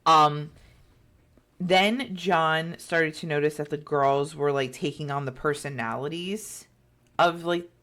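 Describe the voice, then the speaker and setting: A woman's voice: low voice, steady tone, takes it slowly, fairly bright tone. Chatty woman podcast host telling a story. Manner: chatty, many fillers, acts out quotes. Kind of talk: casual storytelling chat.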